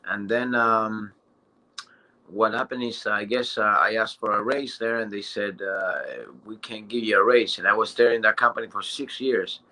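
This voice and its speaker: Man, Spanish accent, very bright timbre, halting testimonial on a video call. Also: on the low side, fairly even intonation. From Quebec, Canada. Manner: rambling, hesitant, many fillers and restarts. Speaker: new business member. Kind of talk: casual testimonial on a group call.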